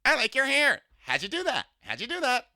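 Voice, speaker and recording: A man voicing a loud, overfamiliar, tactless man of about sixty who chats up strangers. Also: very high voice, wildly swooping pitch, a little fast, dry recording, studio quality, pitched above the performer's own voice, full character voice. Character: tactless flamboyant chatty man around sixty.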